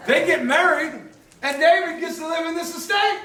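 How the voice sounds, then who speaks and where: A pastor preaching a sermon in a church hall, telling the story in an animated, emphatic way. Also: male voice, extremely high pitch, normal speed. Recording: echoey hall, mic at a distance.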